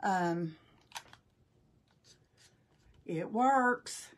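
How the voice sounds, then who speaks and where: A woman's voice: on the low side, expressive, very slow. A middle-aged woman casually demonstrating a craft live, chatting folksily, thinking aloud and greeting viewers by name.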